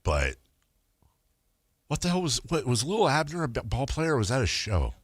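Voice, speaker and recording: A man's voice: mid-range voice, wildly swooping pitch, no echo, studio quality. A man hosting a sports radio show, riffing playfully through casual banter. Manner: playful, riffing, quick to laugh.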